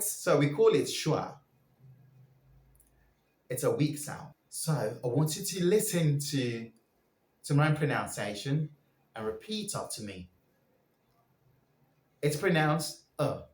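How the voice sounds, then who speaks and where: Man, pronunciation teacher, very slow drilling, lively pitch, echoey room. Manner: drills sounds for listeners to repeat.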